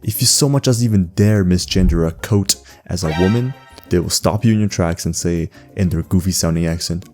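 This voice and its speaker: A man's voice: low-pitched, brisk, darkish tone. A young man, hosting a comedic voice-over explainer, sarcastic and joking, often laughing mid-sentence. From Canada. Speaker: language-learning video host. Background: faint background music.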